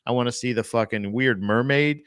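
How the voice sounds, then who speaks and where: A man's voice: mid-range voice, fairly quick, fairly bright tone, no echo, studio quality. A man co-hosting a casual comedy podcast, bantering crudely and laughing often. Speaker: podcast co-host.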